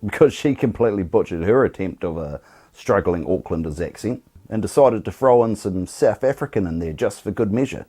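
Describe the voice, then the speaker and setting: A man's voice: lowish voice, lively intonation, a little fast, dark tone, breathy edge. A man giving sarcastic, irreverent commentary on film clips. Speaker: YouTube host.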